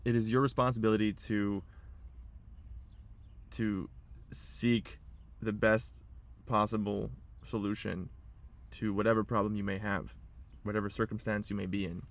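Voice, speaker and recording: Young adult man, lowish voice, vlogging from his car; rambling, emotional, on the verge of tears. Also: little pitch movement, unhurried, long pauses. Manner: rambling, restarts and repeats himself. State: emotional, holding back tears. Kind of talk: personal vlog monologue.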